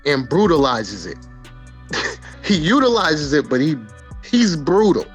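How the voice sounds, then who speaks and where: A man's voice: on the high side, very animated, a little slow, faint music behind. A man, a rapper, talking emphatically in an interview, repeating himself and swearing.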